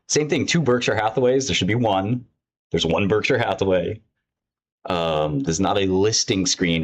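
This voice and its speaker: Profane, mocking man with lively pitch. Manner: profane, mocking, excitable rants. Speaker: host. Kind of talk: casual screen-share commentary.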